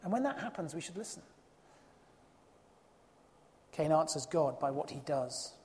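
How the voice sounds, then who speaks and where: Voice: mid-range voice, fairly quick, a little hiss or hum. Emphatic preacher in a reverberant hall. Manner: emphatic, expressive, with rhetorical questions. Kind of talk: sermon.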